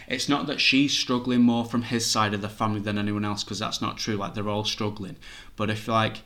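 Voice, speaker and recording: A man's voice: on the low side, level tone, a little fast, fairly bright tone. A man working as a psychic medium, talking chattily and reassuringly as he relays messages to a sitter. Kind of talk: reading for a sitter.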